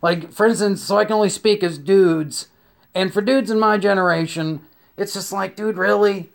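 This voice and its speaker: A man's voice: high voice, normal speed, gravelly. A young adult man giving a comedic rant that is profane and rambling, full of stammered restarts and acted-out scenes.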